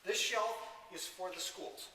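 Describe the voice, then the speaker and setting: A man's voice: sits high, measured pace, sharp tone. A man who drives a library delivery van, explaining how he loads his bins and dropping dry sarcastic asides. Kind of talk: explaining his work on camera. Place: inside a delivery van or loading area. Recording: echoey, roomy, from far off.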